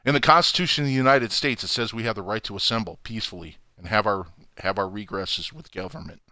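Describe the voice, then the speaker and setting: A man hosting his own channel, ranting furiously to camera from home with heavy swearing and loud outbursts. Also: fairly low pitch, quick pace, no echo, clean studio sound. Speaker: channel host. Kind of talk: angry profane rant to camera.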